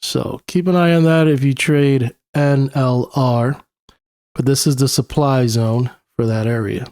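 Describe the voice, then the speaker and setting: A man's voice: medium pitch, steady tone, a little slow, a little mellow, no room sound, clean studio sound. A young man with a New York accent talks casually through market charts as a technical analyst, thinking aloud with plenty of uhs and you-knows. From New York City. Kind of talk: screen-share chart analysis.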